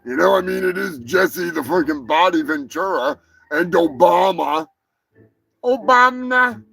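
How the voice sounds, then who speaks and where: Man, livestream host, crude banter, loose and joking, slightly gravelly. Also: fairly high pitch, moderate pace. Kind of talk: casual banter on a comedy livestream.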